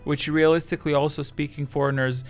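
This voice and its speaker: A man's voice: on the high side, level tone, fast, soft background music. A man chatting casually with his live chat as a streamer, rambling and self-deprecating, with English that is not his first language.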